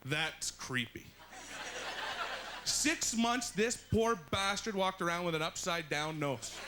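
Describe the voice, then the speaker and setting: A man doing an animated stand-up comedy set on a club stage, with exaggerated, punchy delivery. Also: high voice, slow pace, noisy background. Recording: live set with loud audience laughter.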